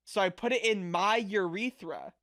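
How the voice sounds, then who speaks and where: A man's voice: sits high, moderate pace, bright, forceful tone. A young man streaming as a VTuber, chatting casually with viewers in a rambling, crude, flustered way full of fillers.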